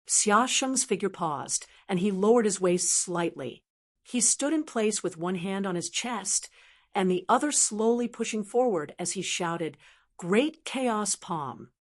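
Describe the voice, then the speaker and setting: Lady reading a fantasy audiobook, even pace, middle pitch. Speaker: audiobook narrator. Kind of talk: scripted narration.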